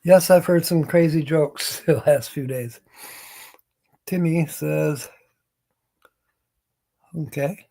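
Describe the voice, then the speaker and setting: Older male streamer, slightly high voice, unhurried rambling chat, chuckles a lot. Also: creaky, mellow. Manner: slow, rambling, chuckles between lines. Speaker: live stream host. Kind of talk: casual live-stream chat with viewers.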